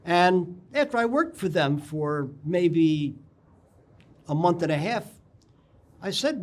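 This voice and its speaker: Older guy guesting on a local tv chat, rambly storyteller, keeps clearing his throat, voice sits a bit high. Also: animated, slow pace, long pauses, darkish tone. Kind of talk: casual interview storytelling. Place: local TV studio.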